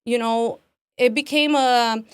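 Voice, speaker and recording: A woman in her twenties with a somewhat high voice tells her own story as a podcast guest. She talks casually, acts out what people said, and fills her speech with "like" and "man." The sound is dry and close. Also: slow pace, smooth, no echo. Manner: animated, acts out quotes, frequent "like" and "man".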